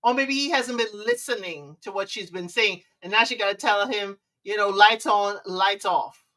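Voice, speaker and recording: A woman's voice: mid-range voice, normal speed, bright, forceful tone, far from the mic. A woman hosting a live stream, giving relationship advice in a sassy way and humming disapproving mm-mm sounds. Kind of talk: casual live commentary.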